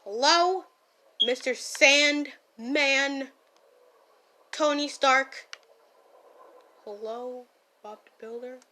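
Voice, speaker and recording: Woman voicing a hot-tempered young gang-boss guy, slow and bright, scolds and yells. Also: high-pitched, a little hiss or hum, exaggerated voice. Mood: annoyed gaming. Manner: loud, scolding, easily startled, playful yelling. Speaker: fan voice actor. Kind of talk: listener role-play while gaming.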